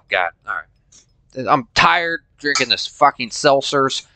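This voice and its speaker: A man giving casual gameplay commentary as host, a little tipsy, swearing through excitable outbursts. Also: medium pitch, slow pace, slight background noise. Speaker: let's-play host.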